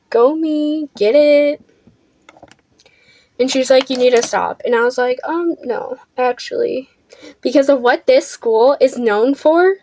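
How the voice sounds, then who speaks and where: Teen girl, high voice, brash profane storyteller, makeup vlog. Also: darkish tone, a little hiss or hum. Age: teens. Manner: blunt, profane, defiant. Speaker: vlogger. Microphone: camera under a ring light.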